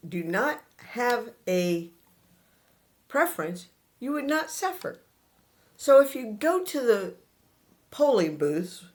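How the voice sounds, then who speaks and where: A man teaches an audience in an unhurried spiritual talk. He speaks slowly in short phrases with pauses between them. He turns straight to his listeners and says his key points again and again with earnest insistence. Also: sits high. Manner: earnest, addresses listeners directly and repeats points.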